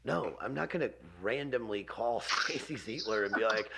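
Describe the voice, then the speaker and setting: A man hosting a podcast in casual chat, teasing his co-host in a deadpan way. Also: lowish voice, normal speed, gravelly, slightly rough.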